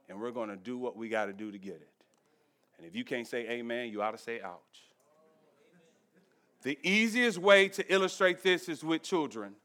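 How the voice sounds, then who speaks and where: A man pastor preaching a sermon to his church, emphatic and humorous, swinging from quiet reflection to loud exhortation while speaking straight to the congregation. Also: a little high. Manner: addresses the congregation directly, storytelling with humor. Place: church service.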